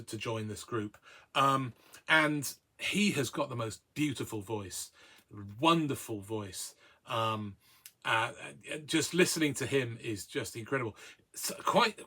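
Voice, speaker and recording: Bright-voiced man chatting about records. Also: mid-range voice. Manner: hesitant, many ums and uhs, chatty. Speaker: record collector host. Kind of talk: casual record review.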